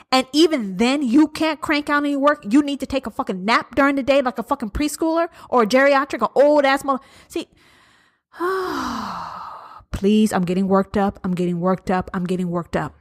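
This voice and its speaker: A woman hosting a podcast, delivering a heated, profane, sarcastic political rant. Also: high-pitched. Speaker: podcast host.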